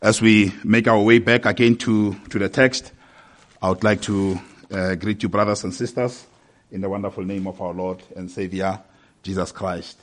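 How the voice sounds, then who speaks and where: A man preaching a sermon, measured and hesitant at times, growing more forceful as he reads scripture aloud. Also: lowish voice, level tone. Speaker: pastor.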